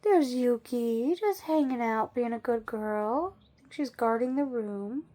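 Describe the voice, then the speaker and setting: A woman vlogging at home while she has a migraine, talking softly and tiredly and cooing at her dogs. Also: on the high side, a little slow. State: suffering a migraine. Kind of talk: casual vlog talk to camera and dogs. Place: at home indoors.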